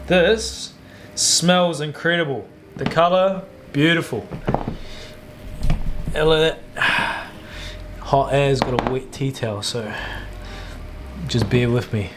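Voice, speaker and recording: Over background noise, a man narrates his home baking vlog slowly, pausing often, in a medium-pitched voice. His manner is relaxed and talkative, with slang-filled asides.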